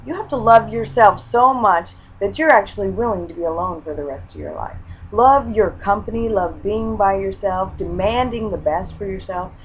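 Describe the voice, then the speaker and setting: A woman's voice: medium pitch, moderate pace, slight background noise, poor audio. A woman from Hawaii talking straight to camera as a life coach, telling personal stories earnestly and often restarting her sentences. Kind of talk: casual direct-to-camera advice talk.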